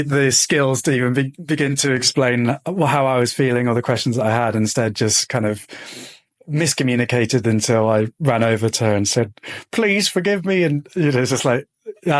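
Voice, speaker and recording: Male podcast host, earnest and reflective, average pitch. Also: a little fast. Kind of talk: reflective personal sharing.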